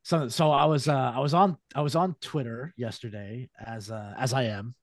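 Animated man telling a story, dry close mic. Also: medium pitch, moderate pace, dry recording. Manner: animated storyteller, slips into mock British voices. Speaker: podcast co-host. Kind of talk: casual chat.

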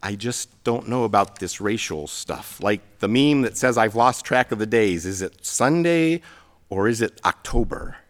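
A middle-aged pastor preaching a sermon, telling stories with self-deprecating humor. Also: male voice, on the low side, animated, measured pace.

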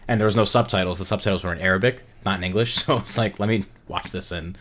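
A man's voice: low-pitched, steady tone, fairly bright tone. A man co-hosting a podcast, telling stories in a casual chat full of "like" and "um". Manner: fast, filler-heavy storytelling. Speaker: podcast co-host.

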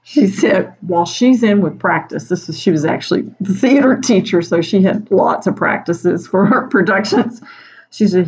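A woman's voice: fairly low pitch, moderate pace, darkish tone, lo-fi sound. A middle-aged woman, a teacher, casually telling an anecdote in a chatty way, laughing often between phrases. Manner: chatty, laughs often, frequent fillers like "you know".

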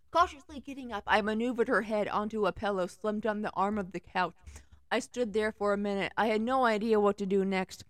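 A young woman with a middling voice reads fanfiction aloud in a casual way, dropping sarcastic asides and giggles between passages. The recording is close and dry, with no room sound.

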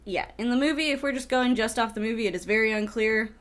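A woman's voice: a little high, fast talker, noisy background. A woman co-hosting a casual podcast about a film, talking in a chatty way with lots of "like" fillers and swearing. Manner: chatty, profane, many "like" fillers. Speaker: podcast co-host.

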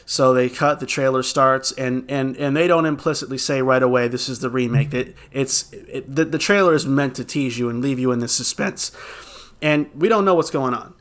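Animated man telling a gaming story. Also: mid-range voice, normal speed. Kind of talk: casual chat.

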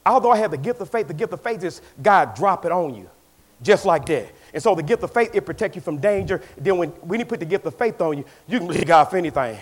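A pastor preaching to his church in a high, animated voice. He swings from loud exclamations down to quiet, confiding asides, and his pitch leaps all over the place. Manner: preaching with swings between shouts and hushed asides. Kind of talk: sermon.

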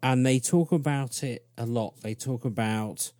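A man's voice: medium pitch, unhurried, no room sound. A man in casual podcast chat, telling a story with lots of laughs and acted-out quoted voices. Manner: animated storyteller, laughs often, acts out quoted dialogue. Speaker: podcast guest discussing alien abductions.

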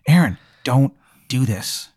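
A creepy male face sewn onto the back of someone's head, whispering ominous pleas in a hushed, secretive voice, as a man puts him on. The sound is dry and close, with no room around it. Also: mid-range voice, lively intonation, slow pace, breathy edge, dry recording. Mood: pleading.

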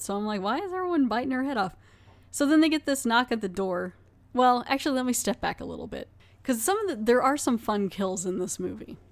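A woman talks through a movie in a loose, chatty review. She rambles and leans on fillers like "like" and "you know". She is frank with her opinions and does not hold back. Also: mid-range voice. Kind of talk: casual spoken movie review.

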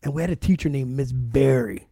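A man's voice: medium pitch, fairly quick, husky, dry recording, clean studio sound. A man hosting a podcast, telling crude stories in casual, swearing chat. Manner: crude, swearing, animated storyteller. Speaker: podcast host.

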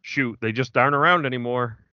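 A man's voice: medium pitch, fast, no room sound. A man co-hosting a podcast, casual and teasing in a laid-back way. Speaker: podcast co-host. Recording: dry, dull lo-fi audio.

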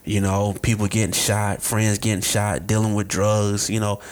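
A man's voice: lowish voice, moderate pace. A man in casual conversation, acting out dialogue as he tells stories. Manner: animated storyteller acting out dialogue. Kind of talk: casual chat.

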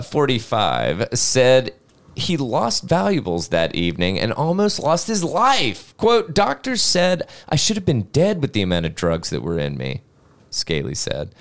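A man hosts a casual podcast, reading out a news story and breaking off to joke and swear. His voice sits mid-range but leaps wildly in pitch as he talks. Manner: animated, swears casually, jokes while reading.

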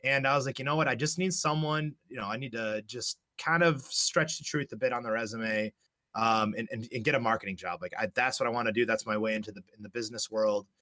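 Profane bright-voiced man telling a story. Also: medium pitch, quick pace, no room sound, studio quality. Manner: profane, animated storyteller, acts out dialogue. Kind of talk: casual storytelling.

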